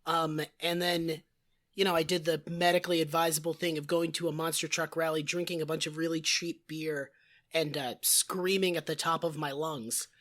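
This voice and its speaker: A man with a husky, raspy, hoarse voice that is blown out, co-hosting a podcast in casual chat and telling stories with a rambling, self-mocking manner. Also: a little high, level tone, moderate pace, a bit bright. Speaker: podcast co-host.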